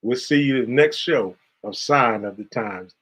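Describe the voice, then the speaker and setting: A man's voice: medium pitch, a little slow, fairly bright tone, a little hiss or hum. A man hosting a faith talk show, speaking in a preacherly, affectionate, exhorting way. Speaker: host. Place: Carolina.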